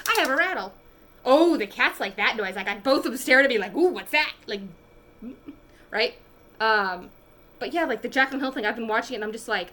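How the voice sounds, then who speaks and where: A woman's voice: medium pitch, pushed and bright, a little hiss or hum. A young woman chatting casually to a phone camera at home as she does her makeup, rambling, with lots of fillers. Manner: coos in baby talk to her pet. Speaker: beauty vlogger. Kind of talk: casual chat while doing makeup. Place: home room.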